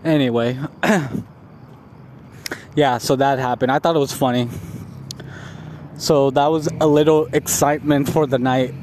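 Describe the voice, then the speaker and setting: A man's voice: medium pitch, fairly even intonation, measured pace, long pauses, darkish tone, a little hiss or hum. A man talking casually into his phone outdoors by a store, rambling and filling his speech with "like", laughing at himself now and then. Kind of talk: casual vlog monologue. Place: outdoors near a store and on the street.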